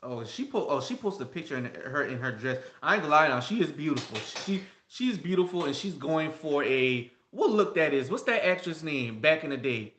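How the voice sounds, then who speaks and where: A man's voice: on the high side, lively intonation, a little fast, few pauses, fairly bright tone, reverberant, slight background noise. A man chatting through celebrity gossip with strong opinions, repeating words and talking straight to his viewers. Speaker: gossip vlogger. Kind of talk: casual gossip commentary.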